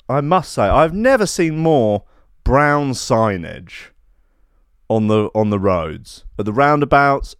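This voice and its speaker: A man's voice: mid-range voice, dry recording, clean studio sound. A man hosting a podcast in a sarcastic, mock-outraged comedic monologue. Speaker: podcast host.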